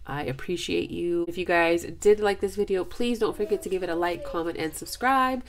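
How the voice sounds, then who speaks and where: A woman from Los Angeles vlogging casually as she opens mail, gushing and excitable, laughing often. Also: fairly low pitch, normal speed. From Los Angeles, USA. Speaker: budgeting vlogger. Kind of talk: casual vlog, opening mail.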